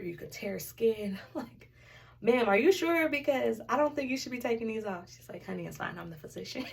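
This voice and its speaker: A woman's voice: fairly low pitch, vocal fry, far from the mic. A young woman casually telling a candid story in a vlog, acting out the other people in her story. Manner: chatty, candid, animated retelling with quoted dialogue. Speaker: vlogger.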